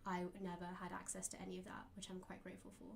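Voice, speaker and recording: Fast-talking young woman with gravelly voice. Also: on the low side, completely flat delivery, slight background noise. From British Indian diaspora. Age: young adult. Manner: chatty, frequent "like" fillers. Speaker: guest. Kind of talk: conversational interview.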